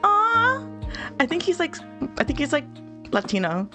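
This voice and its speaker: A woman's voice: high-pitched, big pitch swings, unhurried, pauses often, sharp tone. A young woman with a stuffy nose, chatting and giggling casually as she plays a game. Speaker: let's play host. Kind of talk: casual gameplay commentary. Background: faint game music.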